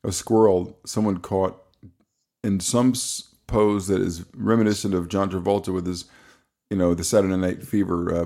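A man co-hosting a casual podcast, rambling and halting, laughing easily and stumbling over words. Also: low voice, mellow. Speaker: podcast co-host. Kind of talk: casual chat.

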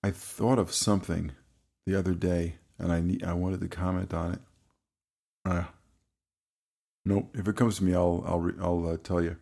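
A man co-hosting a casual podcast, rambling and halting, laughing easily and stumbling over words. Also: low-pitched, flat delivery, creaky, mellow. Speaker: podcast co-host. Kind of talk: casual chat.

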